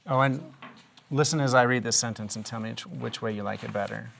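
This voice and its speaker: A man's voice: medium pitch, a little fast, vocal fry, a crowd in the background. A man teaching a reading lesson in a classroom, asking young pupils patient, encouraging questions.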